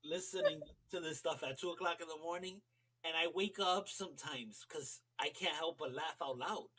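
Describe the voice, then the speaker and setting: A man's voice: fairly high pitch, normal speed, a bit bright, husky, low-quality recording. An American man chatting casually as a regular on a talk show, telling rambling, amused stories. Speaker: regular guest. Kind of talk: casual chat.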